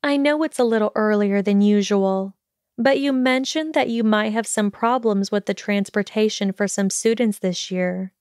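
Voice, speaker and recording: A woman voicing an earnest, weary young witch student in a storybook reading, speaking quickly and pleadingly. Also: mid-range voice, a little mellow, clear, resonant tone, dry recording, clean studio sound, lightly acted.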